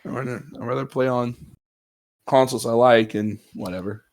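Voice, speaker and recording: A man co-hosting a podcast, chatting casually about video games in an animated way, swearing freely. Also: medium pitch, normal speed. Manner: animated, swearing, acts out reactions. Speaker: podcast co-host.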